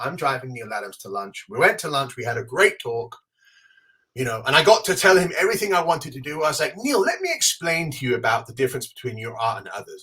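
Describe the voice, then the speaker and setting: A man co-hosting a podcast, telling an animated story in casual chat and acting out the quotes. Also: mid-range voice, breathy edge. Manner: animated, acts out quotes with big swings. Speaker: podcast co-host.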